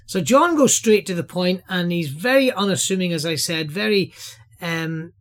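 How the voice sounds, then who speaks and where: A man teaches from the Bible in an earnest, sermon-like way. His voice sits high for a man, and he explains each point with steady emphasis. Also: moderate pace.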